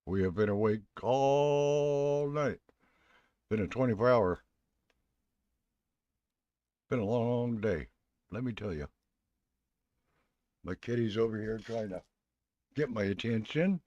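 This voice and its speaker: A man's voice: lowish voice, slow, pauses often, a little mellow, no echo, highs cut off. A man hosting a live stream, talking in a rambling, folksy, chatty way. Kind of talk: casual live stream chat.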